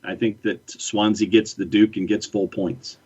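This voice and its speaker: A man co-hosting a casual soccer podcast, giving measured, hedged opinions. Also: fairly low pitch, level tone, darkish tone, slightly rough. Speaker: podcast co-host. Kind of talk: casual sports chat. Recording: dull lo-fi remote line.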